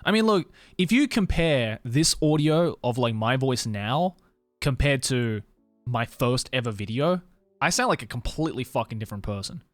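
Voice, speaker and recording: A man's voice: medium pitch, very animated, moderate pace, no room sound, soft background music. A young man with a mild Australian accent, chatting casually with his stream viewers, laughing often and swearing freely. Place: home stream room in Tokyo.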